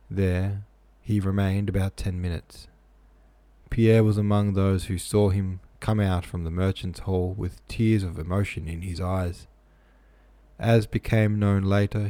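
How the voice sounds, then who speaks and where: A man's voice: low-pitched, warm tone, no echo. A man reading a novel aloud, plain with casual asides, close-miked in a small room. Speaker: reader.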